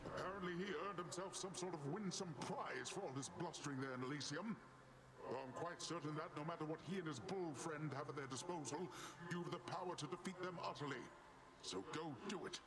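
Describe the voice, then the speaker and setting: An actor voicing a proud, jovial sea god who addresses the hero as his nephew, in a theatrical booming manner. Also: brisk, natural voice, poor audio. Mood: rousing. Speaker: game character. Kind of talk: video game voice acting.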